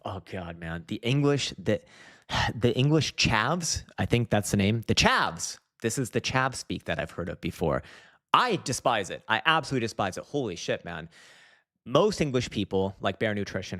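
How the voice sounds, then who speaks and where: Man, low-ish voice, casual livestream host, rambling, profane. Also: lively intonation, normal speed, a bit bright. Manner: rambling, profane, laughs often. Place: dim room at home.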